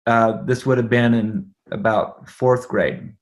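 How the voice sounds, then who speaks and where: A man's voice: on the low side, fairly even intonation, slow. A middle-aged man, a podcast guest, telling a personal story in conversation; he acts out the dialogue and laughs often.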